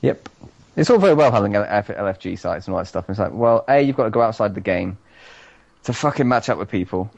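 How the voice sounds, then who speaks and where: A British man co-hosting a casual podcast, ranting loudly with lots of swearing. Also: fairly low pitch, expressive, quick pace, gravelly, no room sound, dull audio. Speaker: podcast co-host. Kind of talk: casual chat.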